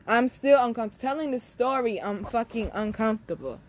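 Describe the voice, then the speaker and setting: A woman's voice: a little high, expressive, a little fast. A young woman hosting her own channel, telling a personal story to camera in a blunt, candid way, swearing freely and talking straight to her listeners. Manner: blunt, profane, speaks directly to listeners as y'all. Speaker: spiritual reader and channel host.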